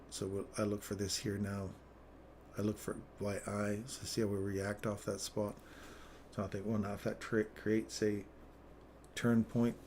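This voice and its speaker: A man with a somewhat low voice runs a casual live trading stream. He drifts into rambling, chuckle-filled stories, then thinks aloud as he works through the chart. Faint background noise sits under his voice. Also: a little mellow. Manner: rambling, chatty anecdotes with frequent chuckles.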